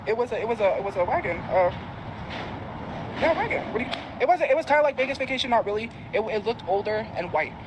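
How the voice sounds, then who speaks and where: A woman's voice: fairly high pitch, expressive, quick pace. Woman vlogger, rambling and repetitive, outdoors with heavy traffic noise. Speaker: social media personality. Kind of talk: rambling vlog talk. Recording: noisy outdoor recording with traffic.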